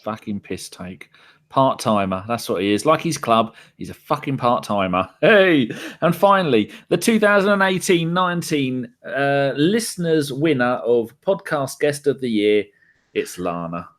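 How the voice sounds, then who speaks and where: A man's voice: medium pitch, expressive, moderate pace. Sweary, rambling London man hosting. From England. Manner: sweary, banter-heavy, rambling. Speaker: podcast host. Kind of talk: casual podcast chat.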